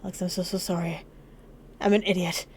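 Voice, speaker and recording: A woman voicing a guilt-ridden young man who speaks quietly and remorsefully, pleading through tears. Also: lowish voice, little pitch movement, fairly quick, slight background noise, lightly acted. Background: game music.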